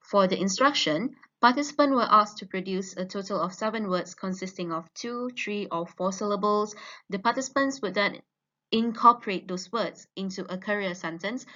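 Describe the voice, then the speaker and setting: A woman student giving an academic presentation on her research, explaining slowly with frequent ums. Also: mid-range voice, bright, forceful tone. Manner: measured, explanatory with fillers. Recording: dull lo-fi recording.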